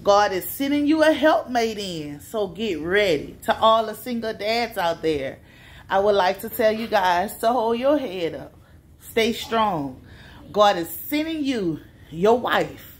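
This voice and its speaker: A woman's voice: mid-range voice, expressive, unhurried. A woman vlogging at home for the holidays, speaking in a style and giving upbeat, preachy blessings to viewers. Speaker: vlogger, single mother. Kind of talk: casual family holiday vlog.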